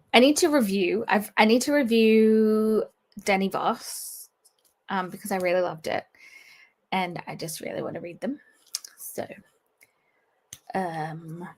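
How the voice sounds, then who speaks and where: A young woman, hosting a book channel livestream in casual, rambling chat with many fillers and soft laughs. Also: medium pitch. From Australia.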